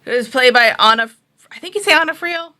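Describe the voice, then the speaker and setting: A woman's voice: high voice, animated, fast, background noise. A woman co-hosting a casual review chat, recapping the plot loosely with many fillers. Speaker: co-host.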